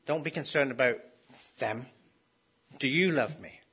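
A man's voice: medium pitch, unhurried, fairly bright tone, breathy edge. A man preaching a sermon in a conversational way, often asking his listeners rhetorical questions.

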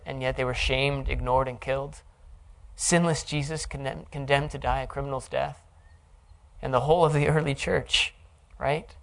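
A man delivers an earnest, reflective sermon, explaining the text line by line. His voice sits at a middle pitch with a noticeable gravelly fry. He talks in a thoughtful teaching tone. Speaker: Bible teacher.

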